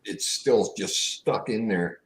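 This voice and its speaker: A man's voice: on the low side, slow. A man making short reactions in a casual chat.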